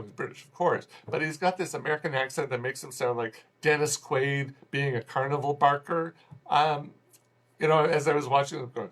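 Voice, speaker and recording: A man reviewing a film in a loose, talky way, voice sitting at an ordinary middle pitch. He rambles and restarts his sentences, sounding exasperated as he goes. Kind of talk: casual spoken movie review.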